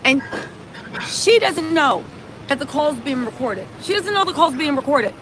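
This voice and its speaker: A woman hosting a casual livestream from a city street, talking fast and emphatic, tagging "right?" onto her points. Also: high voice, lively intonation, background noise. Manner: chatty, emphatic, many "right?" tags. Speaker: livestream host.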